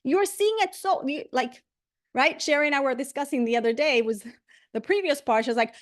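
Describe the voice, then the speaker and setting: High-voiced woman teaching a lively class. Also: a little fast. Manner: animated, repeats herself, asks "right?" often. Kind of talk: casual spoken class.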